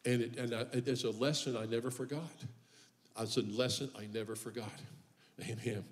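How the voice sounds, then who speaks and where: A man's voice: mid-range voice, fairly even intonation, normal speed. A male pastor preaching a sermon in church. He mixes humorous personal stories with impassioned refrains that build in force. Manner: humorous storytelling about his own life.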